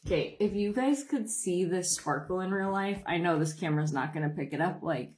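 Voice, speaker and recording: A young Montana woman chats casually and rambles on her makeup livestream, greeting viewers by name as she hosts. Her voice is lowish, animated, a little fast and a little mellow, with a reverberant sound.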